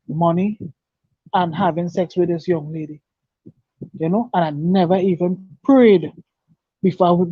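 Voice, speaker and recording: Man, high voice, halting and repetitive, earnest testimony, dry dull lo-fi sound. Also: dry recording. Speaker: guest telling his life story. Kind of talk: emotional personal testimony.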